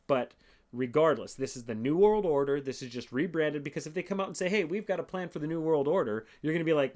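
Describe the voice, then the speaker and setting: A man hosting his own podcast, talking in a casual, profane and sarcastic monologue, reading quotes aloud slowly. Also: medium pitch, expressive, darkish tone. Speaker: podcast host.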